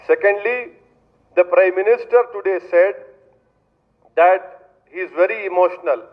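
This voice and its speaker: A politician with an Indian English accent speaks in a notably high voice, pressing each point with measured, repeated appeals. The recording sounds muffled and lo-fi, with the top end dulled. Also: male voice. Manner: emphatic, repetitive rhetorical addresses, measured phrasing. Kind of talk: public political statement.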